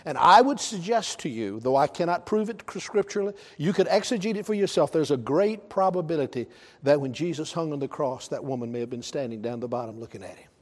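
A man's voice: a little high, expressive, a little fast. A man with a Southern US accent preaching a sermon, emphatic, counting off his points and asking the congregation questions. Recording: long reverb of a large hall.

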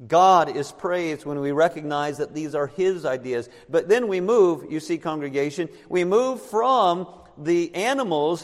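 Male pastor, slightly higher-pitched, emphatic sermon delivery, long church reverb. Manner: emphatic preaching, slows down on key words. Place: church sanctuary.

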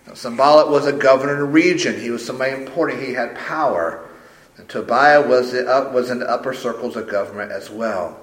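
A man's voice: medium pitch, a little fast. A man preaching a sermon as a pastor, emphatic and conversational. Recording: roomy echo.

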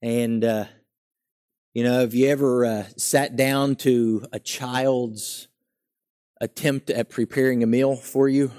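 Here a young adult man gives a sermon at a slow pace, his pitch medium and his tone steady. Earnest and emphatic, he builds each line before falling back into a soft, composed register.

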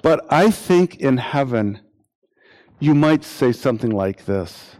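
A man preaching a sermon, repeating phrases for emphasis and acting out imagined quotes in lively voices. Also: mid-range voice, slow pace.

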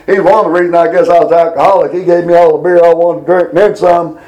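A middle-aged man giving a casual Bible lesson, rambling through folksy stories and reading scripture slowly. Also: a little high, level tone, mellow, low-quality recording. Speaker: Bible teacher.

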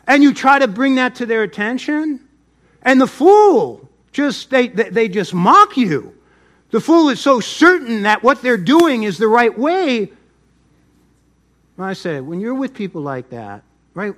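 A middle-aged pastor preaching a sermon, swinging between loud emphasis and soft asides. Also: male voice, high voice, big pitch swings, unhurried.

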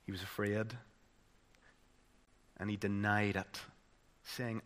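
A man with a Northern Irish accent delivers a sermon. His voice is bright and forward. He builds to loud, dramatic peaks and then drops to a hushed, solemn hush. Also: lowish voice, little pitch movement, slow, pauses often. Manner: dramatic, swinging from loud emphasis to hushed tones. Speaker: preacher.

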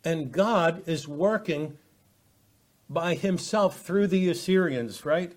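A man teaching a Bible study, halting often with fillers and restarts as he reads and explains verses. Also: fairly high pitch. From United States.

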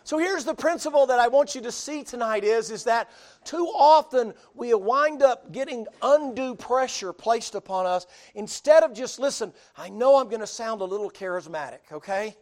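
A man's voice: very high voice, animated, moderate pace, a little mellow. A man with a Southern US accent preaching a sermon in a folksy, joking way full of homespun sayings. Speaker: pastor.

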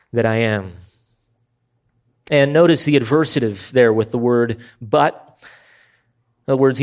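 A man preaching an expository sermon, emphatic and deliberate, slowing down to stress key words. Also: medium pitch. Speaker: pastor.

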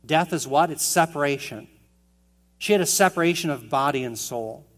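A man's voice: a little high, moderate pace, a bit bright. A man preaching an expository sermon, earnest and emphatic, asking the listeners questions as he goes. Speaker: pastor.

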